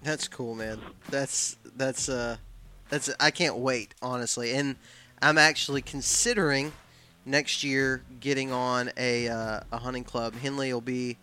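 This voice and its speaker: Bright-voiced young man. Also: mid-range voice, level tone, measured pace. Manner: easygoing, short agreeing replies. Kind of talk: casual chat.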